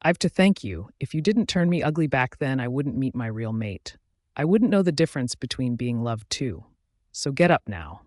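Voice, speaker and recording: Man reading kind young woman, gentle, soft-spoken, forgiving, audiobook, dry close sound. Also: medium pitch, very animated, normal speed, dry recording, close to an everyday voice.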